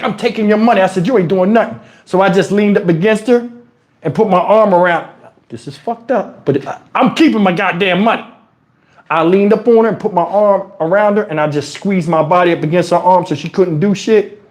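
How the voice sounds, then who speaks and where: A man from New Jersey telling casual stories on his livestream in crude street slang, animated and jumping into high, shouted tones as he retells them. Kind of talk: casual storytelling. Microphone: wireless lapel mic.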